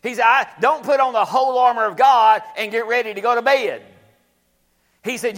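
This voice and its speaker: A man's voice: extremely high pitch, moderate pace, a bit bright. A male pastor preaching a sermon, repeating scripture lines and calling on the congregation to say them back. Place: church sanctuary. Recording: echoey church hall.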